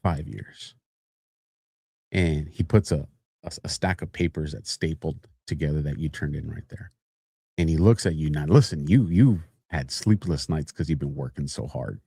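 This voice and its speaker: A man hosting a podcast, telling a lively office story as a sponsor read, laughing often and building to mock outrage. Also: very deep voice, moderate pace, gravelly, slightly rough, no echo, clean studio sound. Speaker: podcast host.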